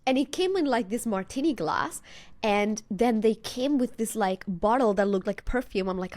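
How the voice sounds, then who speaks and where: A woman from Spain hosting a podcast, telling stories in a chatty, animated way with many fillers. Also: fairly high pitch, moderate pace, dry recording. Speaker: podcast host. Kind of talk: casual chat.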